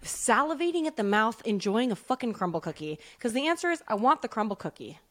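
Expressive, foul-mouthed woman co-host. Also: a little high, a little fast. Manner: expressive, profane, acts out voices in stories. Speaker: podcast co-host. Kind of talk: casual chat.

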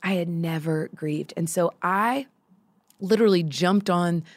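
Lively woman telling a story, low voice. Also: a little slow, no room sound, clean studio sound. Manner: animated, acts out quoted voices, many fillers. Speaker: songwriter guest. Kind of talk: casual podcast storytelling. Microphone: studio microphone.

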